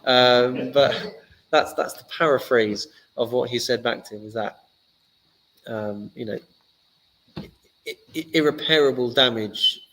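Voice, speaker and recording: A man, a rabbi giving a casual teaching talk and telling stories lively, acting out the characters. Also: medium pitch, unhurried, long pauses, poor audio.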